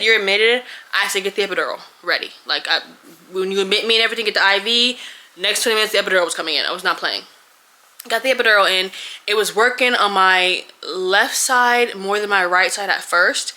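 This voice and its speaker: Young woman vlogging, bright voice, expressive storytelling. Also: mid-range voice. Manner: animated, expressive storytelling with laughs and quoted voices. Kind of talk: casual storytelling to camera.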